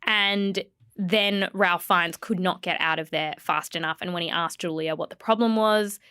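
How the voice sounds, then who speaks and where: A woman's voice: lowish voice, moderate pace, sharp tone, clean tone, no echo, studio quality. A woman hosting a podcast, playfully retelling celebrity gossip in casual chat. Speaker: podcast host.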